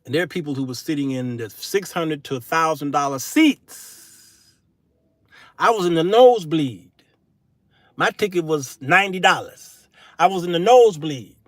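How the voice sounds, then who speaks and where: A middle-aged man hosting his own show in a solo monologue, turning from preachy sermonizing to folksy comic storytelling with shouted punchlines. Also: on the high side, expressive, moderate pace, pauses often, no room sound, clean studio sound. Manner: folksy, casual speech. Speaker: show host.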